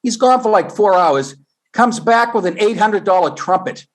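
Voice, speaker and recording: A middle-aged comedian telling stories on a podcast, animated and profane, acting out the people he quotes. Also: sits high, normal speed. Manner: animated storyteller, swears, acts out quotes. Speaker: guest comedian. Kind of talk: casual podcast chat.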